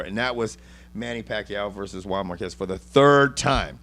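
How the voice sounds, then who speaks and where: A man's voice: medium pitch, moderate pace. A man hosting a casual boxing chat, cursing freely and rambling through his points with many restarts. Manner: profane, rambling, animated. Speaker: podcast host.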